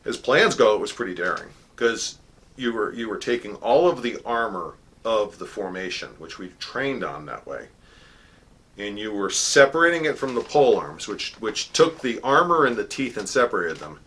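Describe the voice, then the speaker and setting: A man telling a personal story in a casual monologue, animated, acting out the dialogue with frequent filler words. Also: fairly low pitch, normal speed. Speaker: channel host recounting a story.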